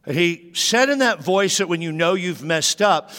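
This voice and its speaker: A man's voice: animated, normal speed, a bit bright. A pastor telling a personal childhood story in his sermon, acting out the dialogue. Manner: storytelling, acts out dialogue with raised pitch. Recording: long hall reverb.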